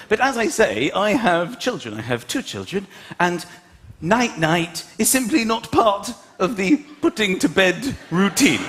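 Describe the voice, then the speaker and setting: Animated high-pitched male stand-up comic. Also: noisy background. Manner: animated, exasperated storytelling with acted-out voices. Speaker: stand-up comedian. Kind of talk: stand-up routine. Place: large theatre stage. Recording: echoey theatre with loud audience laughter. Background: audience laughing.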